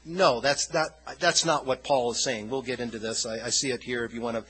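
A man's voice: mid-range voice, steady tone, fairly quick, fairly bright tone, slightly rough, poor audio. A man preaching an informal sermon in a loose, conversational, rambling way.

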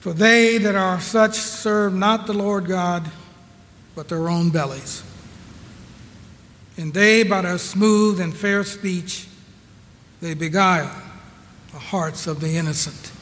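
A man preaching a sermon, slow and emphatic, repeating his rhetorical questions to the congregation. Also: sits high, steady tone, fairly bright tone. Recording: long reverberant hall.

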